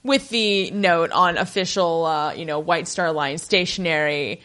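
A woman's voice: on the low side, unhurried, few pauses. A young woman co-hosting a comedic podcast chat, recapping a movie with sarcastic jokes and frequent laughter. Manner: sarcastic, lively, laughs a lot. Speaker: podcast co-host.

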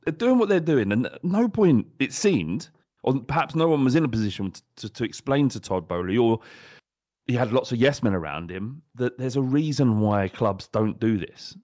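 A man co-hosting a casual football podcast, measured and wry as he builds his points. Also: medium pitch, lively intonation, warm tone, dry recording, clean studio sound. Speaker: podcast co-host.

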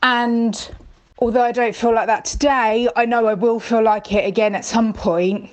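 A woman's voice: fairly high pitch, fairly even intonation, moderate pace. A woman from the UK leaving a chatty voice message for a podcast; she paces while she talks and rambles nervously, swearing now and then.

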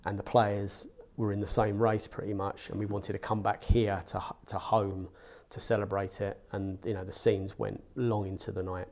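A man with a very deep, gravelly voice looks back on a big match. He speaks in a flat, even tone, steady and measured, pausing between thoughts. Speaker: football fan interviewee. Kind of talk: reflective recollection.

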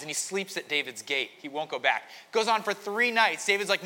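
A man's voice: on the high side, fast talker, few pauses, bright, forceful tone. A man preaching a conversational sermon, telling a story with frequent restarts. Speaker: pastor. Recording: long hall reverb.

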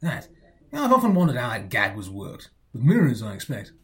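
An actor playing a chatty, young gentleman in a comic radio drama, with a breezy, fussy manner. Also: mid-range voice, wildly swooping pitch, normal speed. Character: chatty upper-class young English gentleman.

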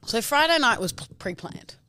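A young woman, her voice raspy and hoarse after a tiring weekend, telling a bubbly, giggly story as a podcast co-host. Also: a little high, sing-song, moderate pace, pushed and bright, no room sound, studio quality. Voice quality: raspy, partly lost voice. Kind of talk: casual chat.

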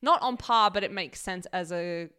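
A woman co-hosting a podcast, chatting casually and telling stories with lively quoted voices. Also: lowish voice, normal speed, clean tone. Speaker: podcast co-host. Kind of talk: casual chat.

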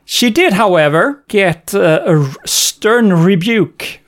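Guy cohosting a podcast, kinda high voice, dry laughs and lots of uhs. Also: lively intonation, slow. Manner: wry, chuckling, hesitant with fillers. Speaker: podcast co-host. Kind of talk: casual chat.

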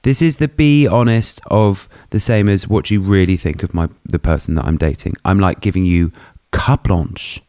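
A man's voice: low voice, moderate pace, hardly any pauses, dark tone, no room sound, studio quality. A man co-hosting a podcast, chatting casually in a camp, self-mocking, jokey way. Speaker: podcast co-host. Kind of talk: casual chat.

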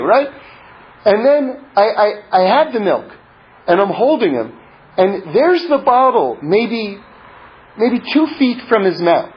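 A man giving a spoken religious teaching built around a personal story, halting and repeating words, growing more intense toward his point. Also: high voice, animated, husky. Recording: dull lo-fi recording.

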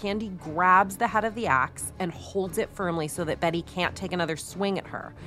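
A woman's voice: on the low side, moderate pace, fairly bright tone, soft background music. A woman co-hosting a podcast, telling a true-crime story in a chatty, casual way with many fillers. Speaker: podcast co-host.

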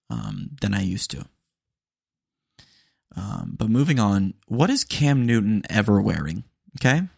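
Gravelly low-voiced man hosting a podcast. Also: dry recording, clean studio sound. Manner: rambling, animated storytelling with frequent fillers. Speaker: podcast host. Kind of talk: casual solo podcast monologue.

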